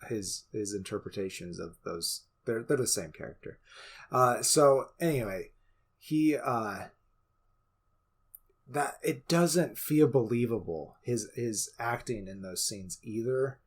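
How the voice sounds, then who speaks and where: Male podcast co-host, average pitch, stop-start hedging delivery with a teasing streak. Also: slow, slightly rough. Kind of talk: casual chat.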